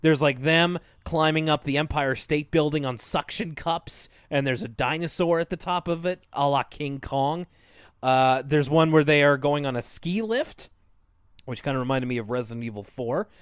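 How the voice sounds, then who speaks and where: A man co-hosting a podcast in a casual, joking way, laughing often between points. His voice sits slightly high for a man. The sound is dry and close to the mic. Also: normal speed, clean tone, no room sound. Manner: chatty, laughs often, jokey. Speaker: podcast co-host. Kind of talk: casual chat.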